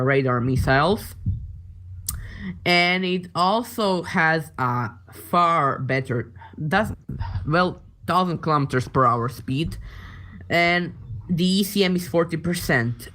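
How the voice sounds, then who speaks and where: A man from former Yugoslavia chatting about a game, halting and searching for words as he talks. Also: fairly high pitch, fairly bright tone. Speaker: co-host translating unit names. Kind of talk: casual gaming chat.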